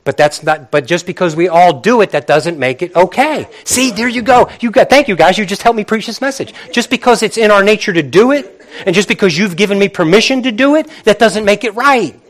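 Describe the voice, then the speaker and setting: Middle-aged male pastor, high voice, lively conversational preaching with acted-out asides. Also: brisk. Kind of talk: sermon.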